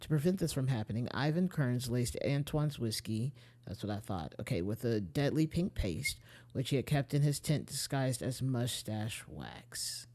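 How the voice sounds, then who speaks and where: A man's voice: medium pitch, expressive, moderate pace, darkish tone. A man streaming a mystery game, thinking aloud, restarting sentences and reading in-game letters aloud with small stumbles.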